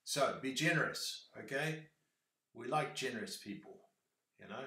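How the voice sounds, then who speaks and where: A man's voice: medium pitch, expressive, moderate pace, pushed and bright, echoey room. A man with a New Zealand accent chatting casually on a livestream, rambling with lots of fillers.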